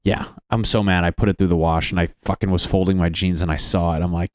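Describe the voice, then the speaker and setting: A man's voice: sits low, a little fast, few pauses, darkish tone, no echo. A young man hosting a solo comedy podcast, rambling and swearing, laughing at his own jokes, close on the mic. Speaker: podcast host.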